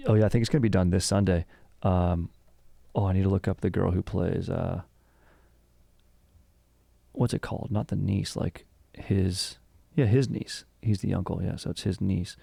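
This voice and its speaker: A young man co-hosting a podcast, chatting in an animated, joking, rambling way. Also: deep voice, moderate pace, creaky, long pauses, slightly rough, no echo. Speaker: podcast co-host. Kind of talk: casual chat.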